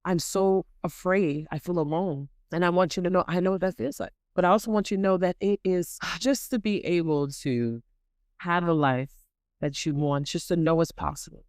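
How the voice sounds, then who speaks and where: Animated woman giving a faith talk. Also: fairly low pitch, fairly quick, clear, resonant tone, no room sound, studio quality. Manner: animated and dramatic; earnest, repeats for emphasis. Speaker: podcast host.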